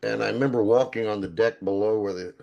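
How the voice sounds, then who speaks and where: Man, low voice, jokey, anecdotes, casual chat. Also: fairly even intonation, quick pace, creaky, a little mellow, highs cut off. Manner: joking, anecdotal. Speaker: podcast co-host.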